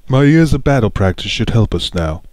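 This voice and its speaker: A man's voice: medium pitch, very animated, a little fast, a little mellow, no room sound, pitched above the performer's own voice, close to an everyday voice. A man voicing a proud, battle-hardened prince in a tabletop game, trying a put-on Australian accent. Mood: confident. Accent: attempted Australian, put on.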